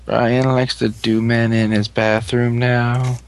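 Teasing podcast co-host, mid-pitched man. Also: flat delivery, slow pace, slight background noise. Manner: teasing, dry heckling. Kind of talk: casual podcast chat.

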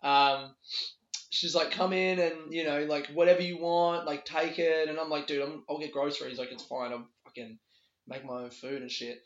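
A man hosting a casual solo podcast, telling a rambling, sweary story with quick laughs from a bedroom. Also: medium pitch, flat delivery, a bit bright. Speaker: podcast host. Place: a bedroom in a borrowed house. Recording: echoey room, dull lo-fi sound.

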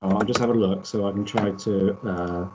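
A man's voice: on the low side, fairly even intonation, brisk, lo-fi sound, background noise. A man chatting casually on a podcast panel, telling a story in a rambling way and correcting himself as he goes. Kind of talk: casual chat.

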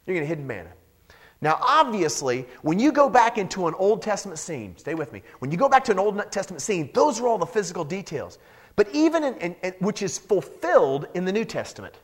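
A male pastor preaching a lively sermon, joking and acting out the people in the Bible story. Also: sits high, a little fast. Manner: animated, joking, acts out Bible characters.

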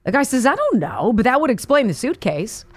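A woman's voice: on the high side, sing-song, a little fast, slight background noise. A woman radio host reading listener jokes cold on air, laughing often and stumbling over the lines. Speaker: radio talk show host.

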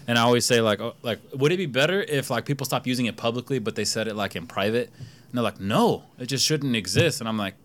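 A man's voice: mid-range voice, expressive, quick pace, a bit bright. A man hosting a casual podcast chat, blunt and swearing, with lots of fillers.

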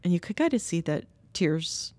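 A woman's voice: lowish voice, moderate pace, dry recording. A woman co-founder of a nursery, earnestly telling a story in an interview and animating the voices of people she quotes. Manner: earnest, animated when quoting others.

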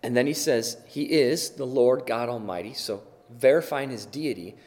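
A man preaching a sermon with emphatic delivery, repeating words for stress and swinging between loud and soft. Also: mid-range voice, normal speed. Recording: long hall reverb.

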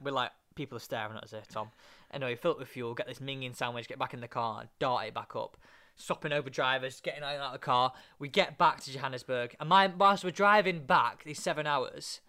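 A young man telling a lively anecdote in casual chat, acting out the other people's lines. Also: medium pitch, a little fast, few pauses. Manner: animated, acts out other voices.

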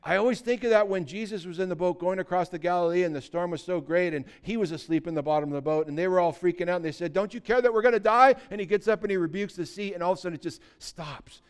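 A man delivering a sermon, retelling a scripture story in a casual, animated way. His voice is smooth and resonant, pitched a little high for a man. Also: racing, few pauses. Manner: animated storytelling, acting out quotes. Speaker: pastor.

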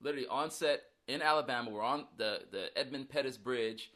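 A man's voice: medium pitch, fairly quick, pushed and bright. A man who is an actor, chatting casually and jokingly about a film role in an interview. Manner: rambling, joking, self-deprecating. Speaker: actor guest.

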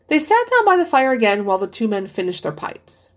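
A woman narrating a classic short story as a podcast reading, measured and steady, slowing for the characters' lines. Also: on the high side, faint music behind. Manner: measured storytelling, slows for quoted speech. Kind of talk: scripted audiobook reading.

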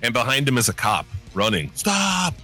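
A man with a low voice whose pitch swings widely as he tells stories, swearing freely in casual podcast chat. Faint music sits behind him. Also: fairly quick. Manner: profane, animated storyteller.

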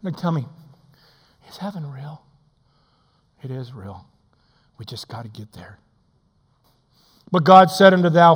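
A man's voice: lively intonation, moderate pace, pauses often, breathy edge. Older man preaching in a hall. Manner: swings from booming to hushed, preacherly. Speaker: assistant pastor. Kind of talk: sermon. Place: church sanctuary. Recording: church hall reverb.

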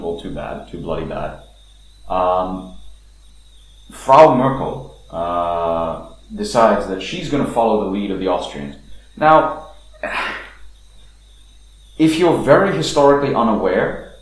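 A man delivering an emphatic, scornful opinion monologue as a political commentator. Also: on the low side. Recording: very echoey room, faint noise.

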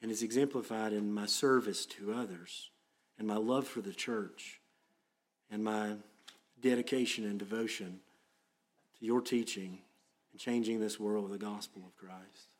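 Earnest low-voiced male pastor preaching. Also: steady tone, moderate pace. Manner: earnest, plain-spoken preaching that turns to quiet prayer. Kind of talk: sermon.

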